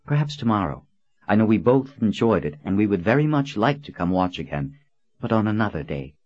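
A man voicing a calm, commanding noblewoman. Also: fairly low pitch, brisk, no room sound, highs cut off. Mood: gentle. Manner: calm and authoritative. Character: composed noblewoman, commanding and gentle. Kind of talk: audiobook character voice.

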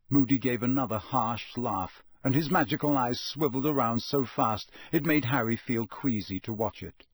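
A man reading an audiobook in a steady, even storytelling manner. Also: medium pitch, moderate pace, hardly any pauses, husky, no echo. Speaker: audiobook narrator. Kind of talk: scripted narration.

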